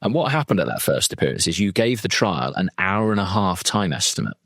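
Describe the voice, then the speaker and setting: A man's voice: low-pitched, very animated, a little fast, fairly bright tone, no room sound, studio quality. A man, a legal trainer and former defence lawyer, talking through a case in a chatty, digressive way with plenty of asides. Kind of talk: conversational legal training talk.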